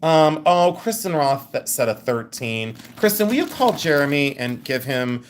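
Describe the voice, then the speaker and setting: A woman's voice: sits low, expressive, a little slow. Chatty woman selling jewelry live. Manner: rambling, chatty, thinks aloud. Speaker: live-stream jewelry seller. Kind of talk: live sales stream chat.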